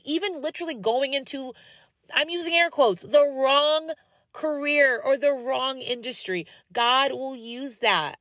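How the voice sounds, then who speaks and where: A woman's voice: sits high, no room sound. A young woman hosting her own podcast, telling stories in a casual, encouraging way and acting out the people she quotes. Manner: animated storyteller, acts out quoted voices; encouraging, direct address to listeners. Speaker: podcast host. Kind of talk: casual faith-based monologue.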